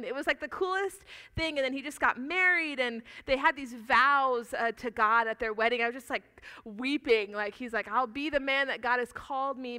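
A woman pastor preaching a sermon, earnest and animated, telling stories and asking the congregation questions. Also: sits high, smooth.

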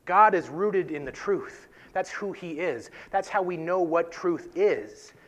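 A man hosting a devotional talk, teaching from scripture in an earnest, conversational way, often checking in with "right?" and dropping softly for emphasis. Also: lively intonation, a little slow, dull audio. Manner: conversational, tags points with "right?"; earnest, drops to soft low emphasis. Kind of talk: casual Bible teaching.

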